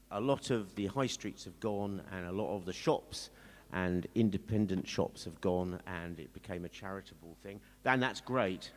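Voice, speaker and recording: A man from England, a singer-songwriter joking with a live audience between songs in a wry, rambling, self-mocking way. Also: fairly low pitch. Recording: live music playing behind.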